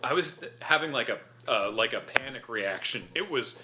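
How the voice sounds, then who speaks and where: A man hosting a casual chat on a charity stream, telling stories in an animated, chatty way and laughing easily, sometimes talking with his mouth full. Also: medium pitch, moderate pace, background noise. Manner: talks while eating. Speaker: host.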